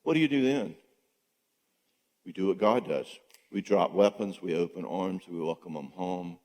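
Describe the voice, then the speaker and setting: Animated man teaching in a reverberant church. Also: low voice, moderate pace. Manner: animated, acts out spouses' dialogue. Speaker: marriage conference speaker. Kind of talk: conversational teaching talk. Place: church hall. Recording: long reverb in a church hall.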